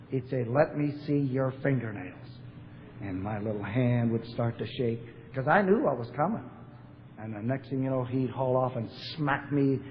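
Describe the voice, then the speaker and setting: Older man from Portland as AA speaker, blunt and wry, old tape with a thin sound and faint hiss. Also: a little high. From Portland, Oregon, USA. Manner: storytelling, blunt, wry humor with fillers. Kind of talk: recovery talk to a convention audience. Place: large convention hall. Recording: echoey hall, phone-like narrow sound, faint hiss.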